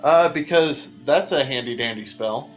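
A man's voice: medium pitch, unhurried, faint music behind. A man hosting a casual comedic movie recap with sarcastic joking asides. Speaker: podcast host recapping a movie.

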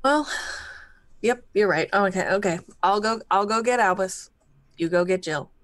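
A woman playing a tabletop game, talking in character with an animated, easy-laughing manner. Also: medium pitch, normal speed, no echo.

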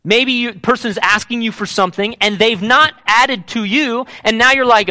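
A man's voice: very high voice, normal speed, bright, forceful tone, no room sound. A man preaching a sermon as pastor, emphatic and repeating key words for weight.

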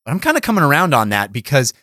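A man's voice: medium pitch, huge pitch swings, rapid-fire, bright, forceful tone, no echo, studio quality. A man co-hosting a podcast in casual chat, easygoing and agreeable, often trailing off mid-thought. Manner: easygoing, trails off, lots of agreeing "yeah, right". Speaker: podcast co-host.

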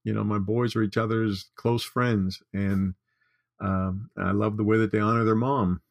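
A man's voice: lowish voice, steady tone, measured pace, creaky, no echo, clean studio sound. An older man talking as a podcast guest, earnest and heartfelt, in casual conversation. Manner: warm-hearted, earnest, tearful at times. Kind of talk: casual chat.

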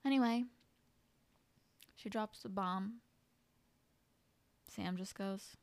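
A young woman talks through a book on her podcast, chatty and animated, with sudden exasperated asides. Her voice sits in a middle register and sounds close and dry, with no room around it. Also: medium pitch, drawn-out words, long pauses, no room sound. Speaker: podcast host. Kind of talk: casual book review monologue.

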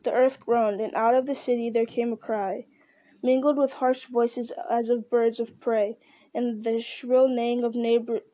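A woman reading a fantasy novel aloud in a steady, measured voice, with the odd slip and restart. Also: fairly high pitch, no room sound. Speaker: audiobook reader. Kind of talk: storybook narration.

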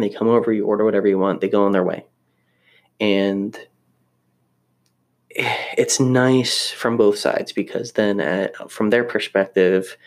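A young man chatting casually to the camera, rambling and self-deprecating, with lots of restarts. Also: lowish voice. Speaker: vlogger living in Japan.

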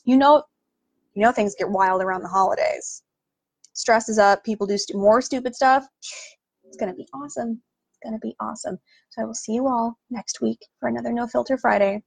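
Exasperated woman host with a gravelly voice. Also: on the high side, steady tone, brisk. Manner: exasperated, sarcastic, lots of "like". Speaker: podcast host. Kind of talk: casual ranting monologue.

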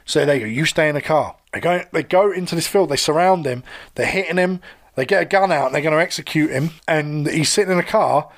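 A man, casually co-hosting a chat about a TV episode, retelling scenes in a sweary, animated way. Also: on the high side, fast talker. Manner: animated storytelling, acts out quoted voices, sweary. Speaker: podcast co-host.

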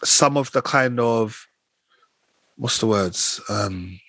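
A man hosting a casual chat and retelling scenes in slangy, animated talk. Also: fairly low pitch, slow pace, no echo, low-quality recording. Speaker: podcast host.

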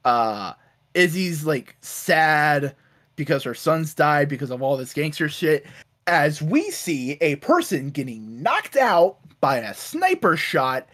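A man casually recapping comic storylines, acting out characters in quick bits and swearing freely. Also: on the high side, very animated, a bit bright. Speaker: podcast co-host recapping comics. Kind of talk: casual chat.

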